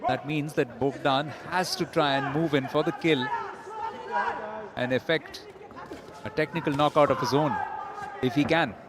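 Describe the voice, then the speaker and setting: A man commentating live on a boxing bout, giving measured, analytical play-by-play. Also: on the high side, steady tone, crowd noise.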